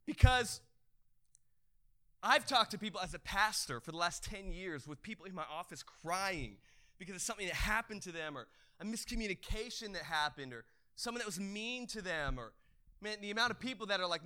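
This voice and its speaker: High, bright-voiced excitable male pastor. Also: moderate pace, long pauses. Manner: excitable, stammering restarts, bursts into shouting. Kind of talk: energetic sermon.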